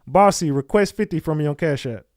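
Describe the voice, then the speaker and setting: Guy on a livestream giving shoutouts to chat, kinda high voice, dry close sound, aave slang. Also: brisk, dry recording. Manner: loose, slangy, calls out chat names. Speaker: livestream host. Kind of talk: casual livestream chat with viewers.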